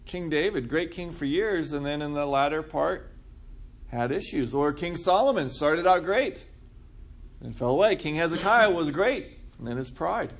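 A man's voice: on the high side, expressive, normal speed. A man preaching a conversational sermon, asking the congregation questions and answering them. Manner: casual, asks the room questions. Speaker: pastor.

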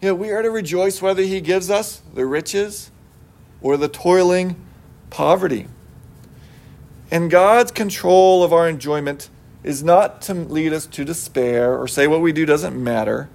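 A man with a notably high-pitched voice delivers a sermon. He preaches earnestly but conversationally, weaving scripture together with homely personal anecdotes. He sounds middle-aged. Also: a little slow, vocal fry, darkish tone. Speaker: pastor.

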